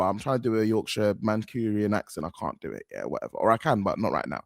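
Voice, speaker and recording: Rambling, slangy football fan. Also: male voice, lowish voice, big pitch swings, quick pace, creaky, few pauses, no room sound, studio quality. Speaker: football fan reaction host. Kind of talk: casual reaction commentary.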